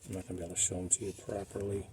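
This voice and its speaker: A man's voice: low-pitched, flat delivery, racing, mellow, slight background noise. A middle-aged man giving casual, rambling commentary while cleaning car light lenses, making self-deprecating asides. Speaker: car restoration vlogger.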